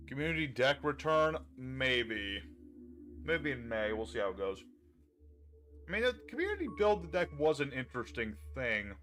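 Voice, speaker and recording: A man's voice: medium pitch, sing-song, moderate pace, fairly bright tone, faint music behind. Chatty man streaming a card game. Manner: chatty, thinks aloud and talks to chat. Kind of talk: casual live-stream commentary while playing a card game.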